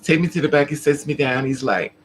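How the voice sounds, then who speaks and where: A woman's voice: low-pitched, brisk, a little hiss or hum, low-quality recording. A trans woman telling a story casually to her live chat, laughing often and acting out the other people in it. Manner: chatty, laughing, acts out other people's lines. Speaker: vlogger.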